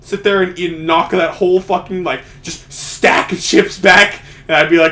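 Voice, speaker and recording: A man's voice: high voice, fairly even intonation, moderate pace, a bit bright. A young man co-hosting a casual podcast, rambling and swearing as he tells stories, often laughing through them. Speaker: podcast co-host.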